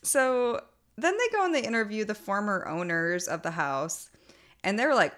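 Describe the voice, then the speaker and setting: In a sing-song, mid-range voice that's fairly bright, a young podcast co-host casually recaps a TV episode at a moderate pace, pausing often. She laughs a lot, says "like" constantly, and quotes people in mocking voices.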